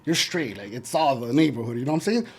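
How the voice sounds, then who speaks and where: A man's voice: medium pitch, very animated, quick pace, darkish tone. A middle-aged man telling stories as a podcast guest, loose and casual, full of slang and "you know" fillers. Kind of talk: casual interview storytelling.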